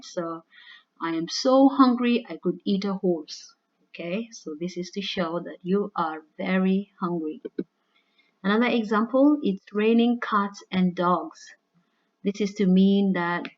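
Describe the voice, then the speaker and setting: A woman's voice: fairly low pitch, darkish tone, dull audio. A woman, an English teacher, giving a recorded lesson that explains figurative language in a loose, conversational way. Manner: conversational with frequent "all right" and "you know".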